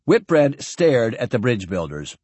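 A man giving an expressive scripted narration of a science fiction novel. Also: medium pitch, unhurried, slightly rough, no echo. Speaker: audiobook narrator.

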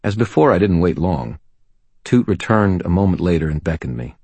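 A man with an extremely low, husky voice narrates a first-person story. His delivery is dry and wry, with a touch of humor. The recording is close and dry, with no room sound. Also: very animated, moderate pace, darkish tone, no room sound. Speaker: audiobook narrator.

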